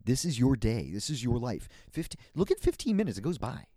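A man's voice: mid-range voice, sing-song, fairly quick, dark tone, no room sound, clean studio sound. A man hosting a solo podcast, rambling in a playful, meandering way with frequent laughs and restarts. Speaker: podcast host.

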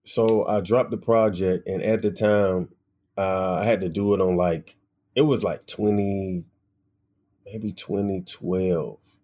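A man's voice: sits low, fairly even intonation, takes it slowly, dark tone. A young adult man, a musician being interviewed, telling laid-back stories and acting out the voices of people in them. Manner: laid-back storytelling, acts out voices in anecdotes. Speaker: musician guest. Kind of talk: casual interview conversation.

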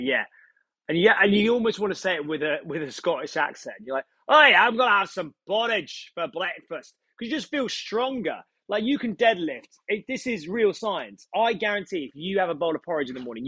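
A young man, a startup founder and podcast guest, chatting casually with animated, swearing, joking rambles. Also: on the high side, husky, dry recording. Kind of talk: casual chat.

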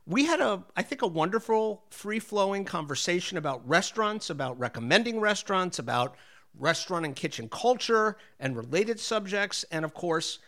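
A man's voice: high voice, lively intonation, normal speed, fairly bright tone. A man hosting a food podcast, chatting in a restaurant dining room with restaurant sounds behind. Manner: chatty, conversational. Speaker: podcast host. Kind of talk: interview and show intro. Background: restaurant noise.

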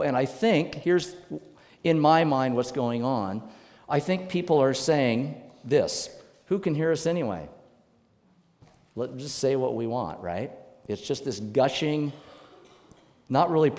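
Pastor preaching in a reverberant hall. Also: male voice, mid-range voice. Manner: emphatic, animated preaching with sudden loud bursts. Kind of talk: sermon. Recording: long reverb of a church hall.

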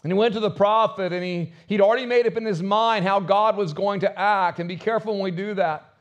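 A man's voice: high voice, fairly even intonation, a little fast. A man preaching a sermon as pastor, with rising and falling emphasis.

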